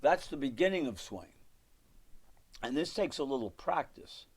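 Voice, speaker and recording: A man's voice: medium pitch, sing-song, normal speed, husky. Man counting rhythms at the piano. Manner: counts and sings rhythms aloud while playing, rambling asides. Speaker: piano teacher. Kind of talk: live online music lesson.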